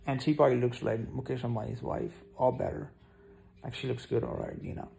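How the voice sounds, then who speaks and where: Gravelly, warm-voiced casual male vlogger. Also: mid-range voice, steady tone, a little fast, soft background music. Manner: scattered, self-mocking, talks straight to viewers. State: yawning, tired. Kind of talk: casual rambling vlog to camera.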